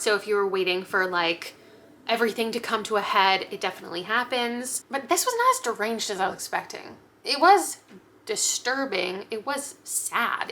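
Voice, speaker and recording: A woman's voice: mid-range voice, bright, forceful tone. A young woman talking casually to camera as a book vlogger, frank and chatty, with light laughs and fillers.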